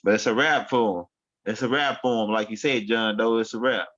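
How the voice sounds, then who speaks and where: A man's voice: on the low side, a little fast, a bit bright. A man hosting his own online show, rambling through casual commentary in street slang and often repeating himself. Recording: dull lo-fi sound.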